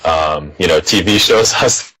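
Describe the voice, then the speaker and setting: A man's voice: low-pitched, moderate pace, bright, forceful tone, husky, low-quality recording. A young man co-hosting a casual film chat, laid-back, with many fillers and laughs between thoughts. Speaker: podcast co-host.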